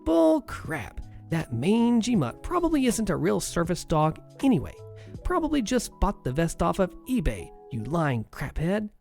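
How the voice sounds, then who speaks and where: A man's voice: high-pitched, wildly swooping pitch, a little slow, creaky, darkish tone, faint music behind, pitched above the performer's own voice, heavily acted. A man voicing a rude middle-aged woman patient who screeches and demands, scornful of everyone around her. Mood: shrill scornful.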